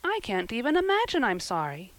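A woman's voice: wildly swooping pitch, a little fast, no echo, rough recording. A woman voicing a passionate young orphan girl. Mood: defiant. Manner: impassioned and pleading, high and rising. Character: passionate, dramatic red-haired orphan girl. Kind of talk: audiobook character reading.

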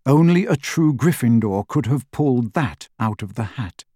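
A man reading a story aloud as an audiobook narrator, in measured, dramatic storytelling. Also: mid-range voice, animated, dark tone, slightly rough, no room sound, clean studio sound. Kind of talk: scripted narration.

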